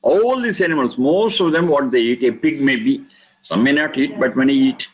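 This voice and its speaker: A man with a husky, slightly breathy voice of middling pitch gives a lecture on scripture. He speaks deliberately, stacking repeated words for emphasis as he explains each term. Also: lively intonation, highs cut off. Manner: slow, emphatic, repeats key words for stress. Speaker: Vedic scripture teacher.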